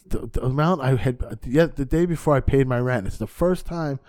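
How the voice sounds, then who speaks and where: Fairly quick and profane, a male comedian rambles through a casual story on someone's podcast, restarting himself again and again. He performs the characters' lines with sharp, sudden shifts in pitch and loudness.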